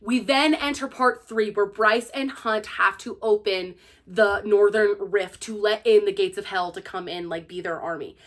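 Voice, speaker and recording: Young woman, slightly high voice, chatty book review, gushing, acts out characters. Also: a bit bright. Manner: peppers her speech with "like". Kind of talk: casual spoiler book review.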